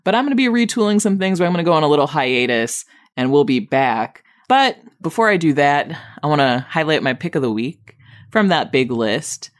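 A woman hosting a podcast, chatting casually about TV she watched, rambling with lots of fillers, wry and exasperated, jumping way up in pitch when she mocks people, and high on weed while she talks. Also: lively intonation, a little fast. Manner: wry, exasperated, jumps high for mock quotes. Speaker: podcast host. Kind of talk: casual TV review chat.

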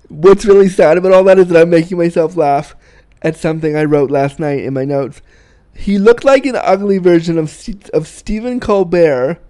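A man's voice: on the high side, normal speed, warm tone. Profane, self-mocking Canadian man. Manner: profane, self-mocking, laughs at own jokes. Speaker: podcast host. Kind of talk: candid storytelling monologue.

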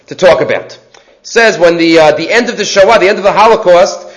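A man's voice: high-pitched, fairly quick. A man teaching a Torah class, mixing in Hebrew terms and often checking in with "right?".

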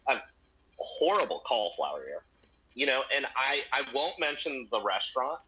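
A man in his thirties chatting casually on a podcast, telling profane, animated anecdotes with quoted voices. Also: mid-range voice, moderate pace. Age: 30s. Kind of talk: casual chat, storytelling. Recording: dull lo-fi audio.

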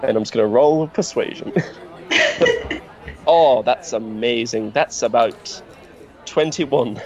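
A man's voice: medium pitch, takes it slowly, darkish tone, muffled recording, a faint crowd. A man playing a tabletop game, chatting in a casual, cheerful way. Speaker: player.

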